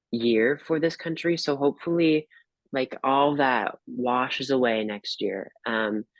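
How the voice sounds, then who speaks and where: A man's voice: medium pitch, no echo, rough recording. A man appearing as a guest tarot reader, talking hesitantly with many fillers and restarts. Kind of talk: casual predictions chat.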